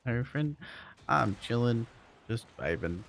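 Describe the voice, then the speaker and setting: A man's voice: medium pitch, lively intonation, takes it slowly, vocal fry, a bit bright, slight background noise. A man streaming a game, chatting casually with viewers in a laid-back, joking way and chuckling often. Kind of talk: casual chat while playing and reading chat.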